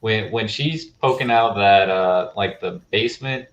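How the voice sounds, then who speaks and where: Casting: podcast host, lower-voiced man who speaks easily, recorded in a roomy space. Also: unhurried, dull audio. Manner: relaxed, filler-heavy. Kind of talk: casual film discussion. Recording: echoey room.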